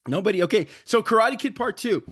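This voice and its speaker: High-voiced joking man, hyped debate. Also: expressive, fast, a bit bright, breathy edge, no room sound, clean studio sound. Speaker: podcast co-host. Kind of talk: comedic movie debate.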